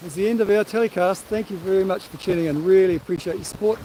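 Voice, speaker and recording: Kiwi male sailing vlogger, upbeat and rambling, fairly high voice, live from the deck with wind noise. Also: steady tone, fast talker, few pauses, dark tone, poor audio. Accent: New Zealand. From New Zealand. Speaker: sailing vlog host. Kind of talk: casual live-stream chat. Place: on a sailboat at sea, outdoors.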